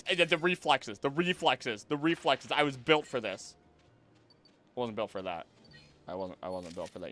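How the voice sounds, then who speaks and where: Male streamer, animated chatty play-by-play with a swooping voice and quick outbursts. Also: lowish voice. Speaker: game streamer. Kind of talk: live gameplay commentary to chat. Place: home, seated at a computer.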